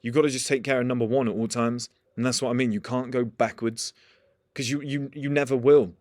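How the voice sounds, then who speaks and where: A man's voice: medium pitch, steady tone, fairly quick, a little mellow, no room sound. Young guy, blunt and profane motivational talker, dry close mic. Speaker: motivational speaker. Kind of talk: casual motivational monologue.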